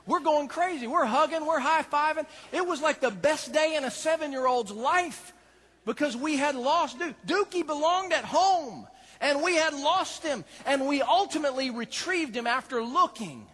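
Animated high-voiced preacher in a reverberant hall. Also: male voice, moderate pace. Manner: animated, playful, dramatic storyteller. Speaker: pastor. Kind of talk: storytelling sermon.

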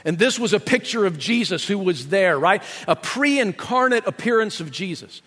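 A man's voice: high-pitched, animated, normal speed, a bit bright, husky, in a large hall. A male pastor preaching a sermon in a conversational, explanatory way, often checking in with 'right?'.

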